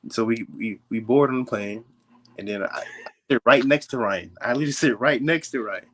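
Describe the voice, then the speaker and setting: A man's voice: medium pitch, fairly quick, fairly bright tone, slight background noise. A young man appearing as a podcast guest, talking in a laid-back, slangy way full of filler words. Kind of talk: casual podcast chat.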